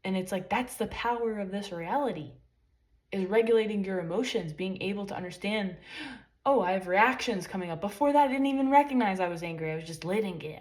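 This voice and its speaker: A woman's voice: mid-range voice, lively intonation, fairly quick. A woman vlogger giving a rambling, emphatic motivational talk full of swearing. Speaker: spiritual vlogger. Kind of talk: casual motivational monologue.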